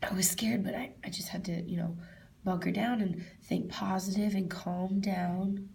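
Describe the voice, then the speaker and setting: A woman answering interview questions, telling a personal memory in a halting way, repeating herself and often dropping to a soft, whispery voice. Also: medium pitch, steady tone, gravelly, a little hiss or hum. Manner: halting, repeats herself, quotes her own past words loudly.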